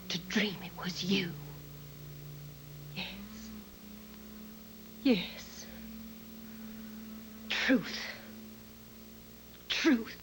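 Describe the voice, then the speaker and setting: A smouldering heroine in an overwrought stage melodrama. She speaks very slowly, breathy and half-whispered. Music plays underneath. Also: medium pitch. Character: smouldering dramatic woman, intense stage confession.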